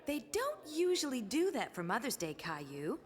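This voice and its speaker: A woman voicing a gentle, loving mother in an animated children's series, speaking softly and patiently. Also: a little high, moderate pace. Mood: tender. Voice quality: soft, patient, reassuring. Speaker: mother character.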